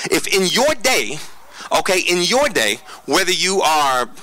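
A male pastor preaches in a bright, forceful voice sitting a little high for a man. He is earnest and emphatic and talks straight to his listeners, often restarting mid-phrase. The sound is close and dry. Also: dry recording, low-quality recording. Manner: quick preaching with frequent restarts. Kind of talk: conversational sermon.

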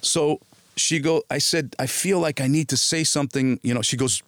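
A man's voice: on the high side, normal speed, no room sound, clean studio sound. A middle-aged man from the New Jersey area, an actor telling stories in a casual interview and acting out people's lines. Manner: animated anecdotes, quotes people in dialogue. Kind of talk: casual storytelling.

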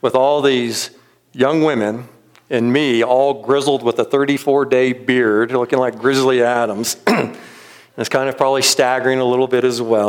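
Man, middle-aged, pastor, reflective sermon storytelling, gentle and earnest, frequent pauses. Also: medium pitch.

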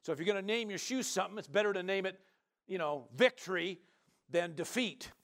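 A male pastor preaching an animated sermon, sprinkling in "amen" and "hallelujah" and asking the congregation questions. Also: sits high, a little fast. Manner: chats with the congregation and asks members questions.

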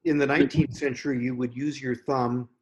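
A man who edits poetry, talking through a poem in a thoughtful, unhurried way with frequent pauses. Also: mid-range voice, flat delivery, darkish tone, lo-fi sound, slight background noise. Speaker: poetry editor. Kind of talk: conversational discussion of poetry.

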